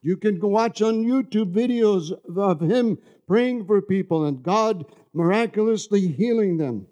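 A man's voice: high-pitched, expressive, unhurried, warm tone, muffled recording. A man from New York City preaching a conversational sermon, often asking the congregation for an amen.

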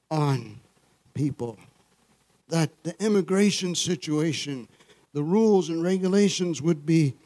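Male pastor, sermon delivery, slightly high pitch, dry close sound, conversational asides. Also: darkish tone, no room sound. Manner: call-and-response, frequent "Amen?" and chuckles.

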